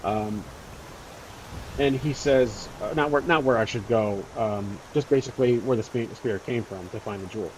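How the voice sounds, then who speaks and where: A man's voice: lowish voice, moderate pace, slight background noise, rough recording. A man narrating his solo tabletop role-playing game in a casual, rambling way with many fillers.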